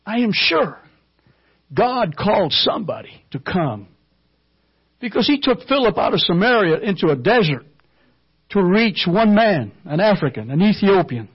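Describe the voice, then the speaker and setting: A man's voice: sits high, sing-song, moderate pace, slightly rough, lo-fi sound. A man preaching a sermon and telling a mission story in a fervent storytelling manner, with some hesitant fillers. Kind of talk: sermon testimony.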